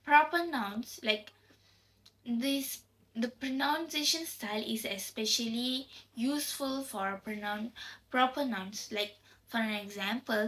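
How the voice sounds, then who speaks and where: A young woman presents to her class. Her voice sits a little high, and she speaks slowly. She explains carefully and sometimes pauses to find the next word. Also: a bit bright, low-quality recording. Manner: explanatory, searching for words. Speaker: university student presenter.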